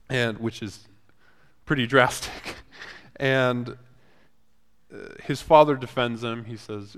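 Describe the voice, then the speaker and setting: A man's voice: medium pitch, steady tone, fairly bright tone, clear, resonant tone. A man leads a casual Bible lesson, retelling the story in everyday words. He talks in a conversational way, restarting phrases as he goes. His mid-range voice carries a long reverberant tail, as if spoken in a large hall. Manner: conversational, retells scripture in paraphrase with halting restarts. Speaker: Bible teacher.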